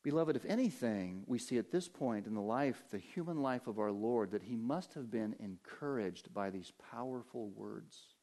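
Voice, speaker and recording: A man preaching a sermon as pastor, rising to emphatic peaks and dropping to hushed, low passages. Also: expressive, normal speed, hardly any pauses.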